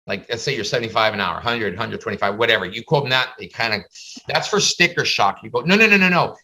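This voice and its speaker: Man, instructor type, lively storyteller, bright tone, call audio. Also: fast talker, poor audio. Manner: animated, acts out little dialogues in higher voices. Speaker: face painting business instructor. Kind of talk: casual teaching on a video call. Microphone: video call.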